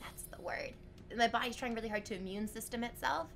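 A woman streaming live while sick, excitedly thanking her chat for donations, gushing, swearing freely and squealing. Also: on the high side, a little fast, gravelly, slight background noise.

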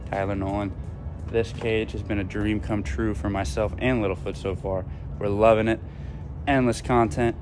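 A young man casually narrating a vlog about feeding his snakes, in a jokey, playful way, sometimes dropping to a whisper. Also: mid-range voice. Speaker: reptile vlogger.

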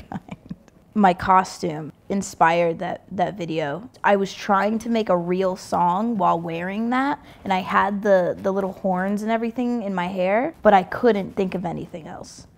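A young woman in her twenties reads viewer comments aloud and reacts to them. Her delivery is laid-back and sarcastic, with casual swearing. Her mid-range voice keeps slipping into a gravelly fry. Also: mid-range voice. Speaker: musician reading comments.

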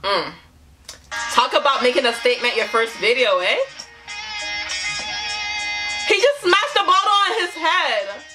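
Excitable woman reacting to a music video. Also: high voice, normal speed, low-quality recording. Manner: excitable, laughs often, slangy exclamations. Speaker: YouTube reaction host.

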